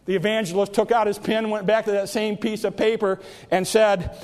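Man, preacher, sermon storytelling, high voice, frequent restarts, long hall reverb. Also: level tone, normal speed, darkish tone. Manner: repeats words and restarts often.

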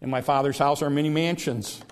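A man preaching a sermon, earnest, who repeats words as he builds a point and slows down to stress key phrases. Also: on the high side, steady tone.

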